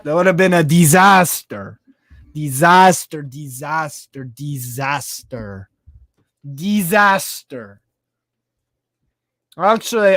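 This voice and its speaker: A man hosting a casual live football stream. He reads out viewer comments in a chatty, excitable way, swears casually and laughs often. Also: fairly high pitch, dry recording, clean studio sound. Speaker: live stream host reading fan chat.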